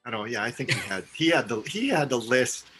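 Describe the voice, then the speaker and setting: A man's voice: mid-range voice, expressive, fairly quick, a bit bright, breathy edge, faint music behind. A man playing a tabletop game character, prodding and pushy in character. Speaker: player. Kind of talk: tabletop game role-play.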